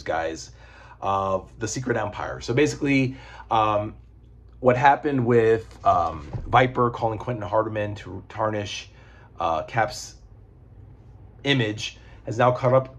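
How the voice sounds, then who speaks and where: A man's voice: mid-range voice, breathy edge. A man reviewing comic books in a rambling, casual chat, swearing and digressing as he goes.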